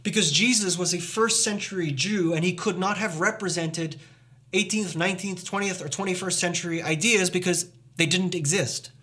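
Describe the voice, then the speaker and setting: A man's voice: high-pitched, pushed and bright. A man preaching a sermon as pastor, earnest and emphatic, posing rhetorical questions to the congregation.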